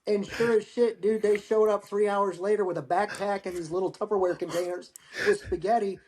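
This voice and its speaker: A man in his forties with an American accent, a Marine veteran telling stories as a podcast guest in a relaxed, profane way, often repeating words as he starts a phrase. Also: high voice, brisk, a little hiss or hum. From United States. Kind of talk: casual storytelling.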